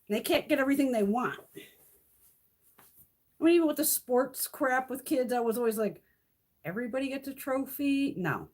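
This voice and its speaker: A middle-aged woman talks straight to her viewers in a loose livestream rant. Her voice sits high and swings widely as she swears and laughs. She is blunt and unfiltered, never holding back. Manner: blunt, profane and laughing often. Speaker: beauty vlogger.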